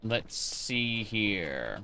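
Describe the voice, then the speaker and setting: A man's voice: fairly low pitch, sing-song, drawn-out words, gravelly, pushed and bright, clean tone. A man chatting casually with his live-stream chat while playing a game, rambling with many fillers and restarts.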